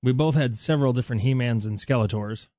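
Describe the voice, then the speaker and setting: A man hosting a radio morning show, trading quick jokes and laughing often with his co-host. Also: medium pitch, dark tone. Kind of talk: casual radio banter. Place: radio studio. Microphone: studio microphone.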